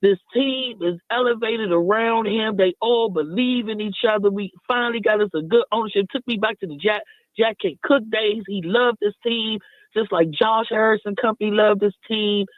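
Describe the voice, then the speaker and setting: A man calling into a sports radio show, emotional and fired up, talking fast. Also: high voice, fairly even intonation, no room sound. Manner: emotional, fired-up, preaching pep. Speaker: radio caller. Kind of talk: call-in radio fan call. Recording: phone line.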